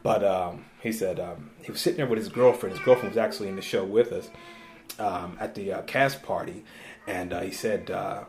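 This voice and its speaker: A male actor chatting as an interview guest, halting with many fillers and restarts and laughing easily. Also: low-pitched, darkish tone, slight background noise. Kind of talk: casual interview chat. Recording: roomy echo.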